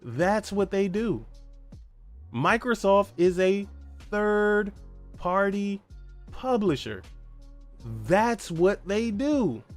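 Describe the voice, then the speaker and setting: Over faint, soft background music, a fairly high-voiced man rants his way through a solo gaming podcast as its host. He's heated, profane and mocking, hammering away at rhetorical questions.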